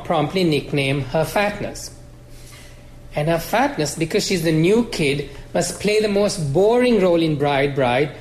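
A male author reading his fiction aloud in a measured, expressive way at a college lecture. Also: on the high side, roomy sound, a little hiss or hum, poor audio.

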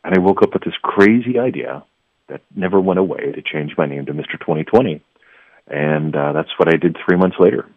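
Guest: very deep-voiced man, rambling storyteller with stammered restarts, heard over a tinny dry phone line. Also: fairly quick, slightly rough, no room sound. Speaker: guest, life coach. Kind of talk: radio interview.

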